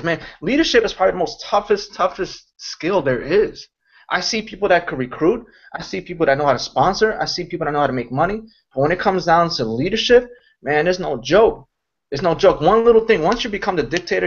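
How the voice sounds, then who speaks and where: A man mentoring a sales team about leadership in a casual, rambling, animated way, recorded as lo-fi online call audio. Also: on the high side. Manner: animated, rambling, mocks shouting voices. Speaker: network marketing mentor. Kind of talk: casual motivational talk.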